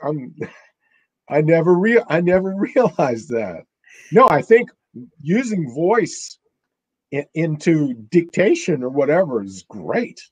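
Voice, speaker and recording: An older man, an author, talking as an interview guest, halting and repeating himself. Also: fairly high pitch, sing-song, breathy edge, dry recording. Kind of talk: casual interview chat.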